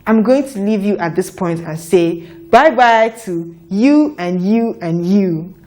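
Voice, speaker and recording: A woman teaching a children's phonics lesson, sounding out letters and words slowly for young learners to repeat. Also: mid-range voice, animated, a little mellow. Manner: slow, deliberate, repeats sounds for children to echo.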